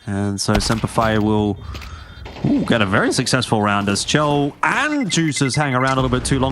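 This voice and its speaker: A man casting a live esports match as play-by-play commentator, excitable, his voice leaping up on big plays. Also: medium pitch, normal speed, background noise. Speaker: esports caster.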